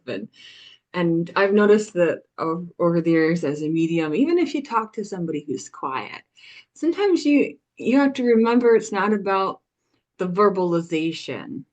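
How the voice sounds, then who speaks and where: Lowish-voiced woman hosting a podcast, easygoing, just explaining stuff. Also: a little mellow. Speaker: podcast host and medium. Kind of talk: casual podcast chat.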